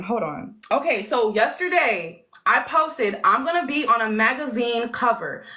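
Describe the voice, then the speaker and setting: A woman hosting a casual live chat, excitable and slangy, laughing often as she talks. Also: fairly high pitch. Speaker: livestream host.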